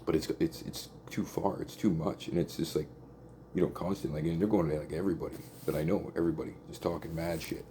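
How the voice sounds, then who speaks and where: A man's voice: rumbling low, fairly even intonation, fast, mellow, a little hiss or hum. A man telling a long personal story in a rambling, profane, casual way, peppered with "like" and "right?".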